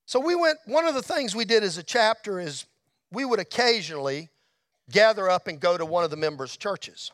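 A middle-aged man telling a testimony story in a church, folksy, dropping to a hush and rising to shouts. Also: high-pitched, lively intonation, a little fast, no room sound, studio quality. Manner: folksy storyteller, drops to a hush at tender moments, rises to shouts. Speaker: motorcycle ministry speaker. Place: church hall.

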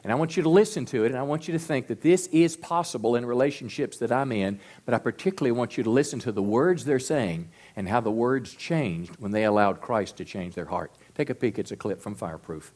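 A man preaching a sermon as pastor, earnest and stressing key words slowly. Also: medium pitch, expressive, a little mellow.

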